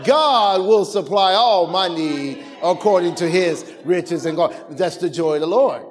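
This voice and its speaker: Speaking at a measured pace in a high-pitched voice, a male pastor delivers a lively sermon. The congregation calls back, laughter breaks out, and he shouts some lines, all in casual speech full of restarts and repetitions.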